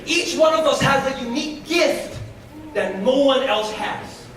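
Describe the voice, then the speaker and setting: A man giving a fervent, preaching inspirational talk to a live audience in a school hall, leading call-and-response and breaking into shouts. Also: extremely high pitch, lively intonation, unhurried. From United States. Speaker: motivational speaker. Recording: very echoey hall, voice from far off.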